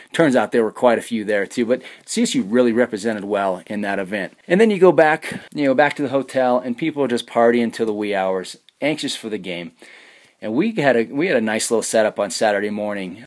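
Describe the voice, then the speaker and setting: A man's voice: mid-range voice, darkish tone. A middle-aged man hosting a sports talk show, telling a trip story in a loose, rambling way with many restarts. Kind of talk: casual radio talk with live read ad.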